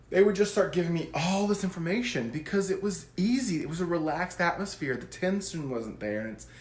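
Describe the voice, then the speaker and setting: A man who works as a psychic medium, explaining his work to camera in a goofy, animated way. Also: high-pitched, a little fast, few pauses, roomy sound. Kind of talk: casual talk to camera.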